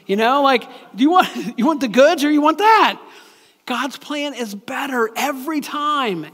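High-voiced man preaching in a big hall. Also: expressive, a little slow, fairly bright tone. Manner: conversational, plain-spoken preaching with frequent restarts. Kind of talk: sermon.

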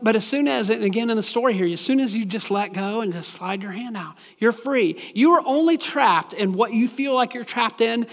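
A man's voice: sits high, fairly bright tone, in a large hall. A man preaching a sermon in a plain, conversational way, often stopping to restart his sentences.

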